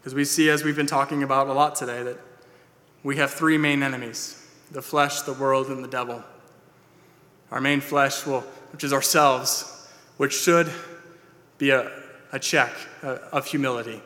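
In the church sanctuary, under long hall reverb, the pastor gives an earnest, plain-spoken sermon broken by "uh"s and restarts. His voice is mid-range and steady, pushed and bright, at a moderate pace.

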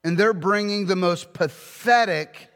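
A man preaching a sermon, emphatic, with rhetorical questions and slowing down to read scripture. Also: high-pitched, fairly bright tone, in a large hall.

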